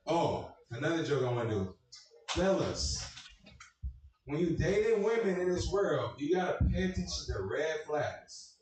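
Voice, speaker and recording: A young male comedian talks loosely and profanely, riffing with the crowd. His voice is a bit high for a man and rings through a very echoey room, with the mic sitting far off. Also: big pitch swings, measured pace, darkish tone, a little hiss or hum. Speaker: stand-up comedian. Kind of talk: stand-up comedy set.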